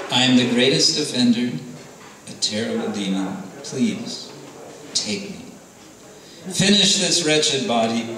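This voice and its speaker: A man voicing a defeated male demon king in a told story, speaking slowly and gravely. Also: mid-range voice, natural voice. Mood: repentant. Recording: far-off echoey room with crowd.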